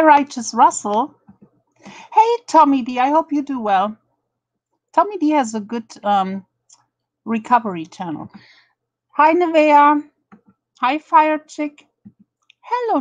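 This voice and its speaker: High-voiced and recorded with no echo, a German-accented woman hosts a live stream commenting on drama. Her manner is profane and mocking as she taunts rivals and greets each chatter in turn.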